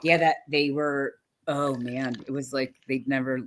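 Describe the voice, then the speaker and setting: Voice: mid-range voice, steady tone, measured pace, fairly bright tone. A live-stream co-host chatting casually and rambling, laughing often and filling talk with "like".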